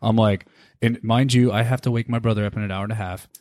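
A man with a somewhat low voice tells a story in a casual podcast chat. He acts out both sides of the exchange with lively energy. The sound is dry and close, with no room echo. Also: fast talker. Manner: animated storyteller, acting out quoted exchanges. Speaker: podcast guest, a host's husband.

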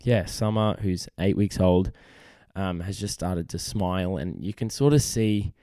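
Low, mellow-voiced dad podcaster. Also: male voice, unhurried, no echo, studio quality. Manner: rambling, self-deprecating, lots of "you know". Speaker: podcast host. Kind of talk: casual chat.

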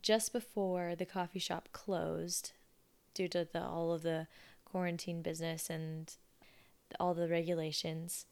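A woman's voice: lowish voice, level tone, measured pace, a little mellow, clear, resonant tone. A woman in her twenties telling stories in a chatty, sarcastic, casual way. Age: 20s. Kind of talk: casual storytelling.

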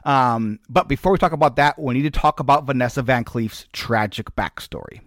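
A man's voice: mid-range voice, brisk, fairly bright tone, no room sound, clean studio sound. A man co-hosting a podcast, telling made-up game lore in a mock-dramatic way and laughing at his own jokes. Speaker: podcast co-host. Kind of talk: comedic lore storytelling.

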